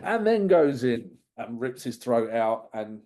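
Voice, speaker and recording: Mellow-voiced man reviewing films. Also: medium pitch, big pitch swings, unhurried. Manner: chatty, digressive, amused. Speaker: podcast co-host. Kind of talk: casual film review chat.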